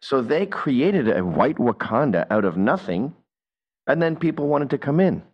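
A man hosting a reaction commentary, talking in an animated, mocking, opinionated way. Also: medium pitch, moderate pace, husky, highs cut off. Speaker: commentator host.

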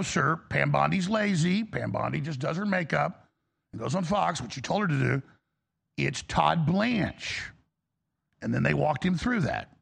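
A man's voice: a little high, fairly bright tone. A male talk show host delivering an angry, exasperated political rant, blunt and profane. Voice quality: gravelly.

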